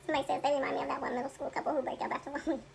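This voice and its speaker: Woman co-host with a high, creaky voice; chatty, reads comments aloud with frequent laughs, faint noise behind. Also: flat delivery, racing, darkish tone, low-quality recording. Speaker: reaction video co-host. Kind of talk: casual commentary, reading out comments.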